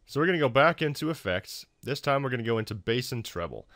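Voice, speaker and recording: A man narrating a casual software tutorial for his video channel, loose and full of fillers and restarts. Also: mid-range voice, big pitch swings, fast, dry recording, studio quality. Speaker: YouTube tutorial maker.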